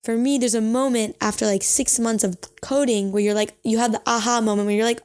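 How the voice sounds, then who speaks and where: A woman's voice: on the high side, fairly even intonation, fairly quick, hardly any pauses, a little mellow. A young woman hosting a casual advice podcast, chatty and reflective, giving reassuring advice with frequent filler words. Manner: chatty and reflective, with frequent "you know" and self-corrections. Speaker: podcast host.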